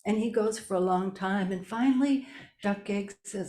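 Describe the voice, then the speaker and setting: A woman telling a folk tale live, slow and deliberate with long pauses. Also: mid-range voice, mellow. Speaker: storyteller. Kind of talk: live oral storytelling. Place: storytelling event indoors.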